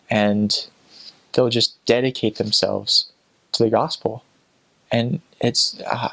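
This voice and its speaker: A young returned missionary tells stories casually and chattily, full of fillers and restarts, acting out the voices of the people in them. His voice is lowish and a bit bright with vocal fry, on a low-quality recording.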